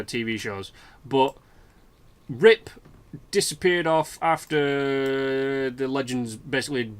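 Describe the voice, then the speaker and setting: A British man chats his way through a let's play, wandering from the game onto tangents and dropping casual swear words. His voice sits at an ordinary middle pitch and his delivery is loose and conversational. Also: fairly bright tone. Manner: rambling, chatty, swears freely. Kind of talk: casual gameplay commentary.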